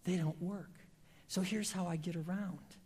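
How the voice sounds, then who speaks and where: A preacher voicing a broken, self-pitying crippled young man, hushed and pleading. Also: mid-range voice, steady tone, unhurried, long reverb tail, lightly acted.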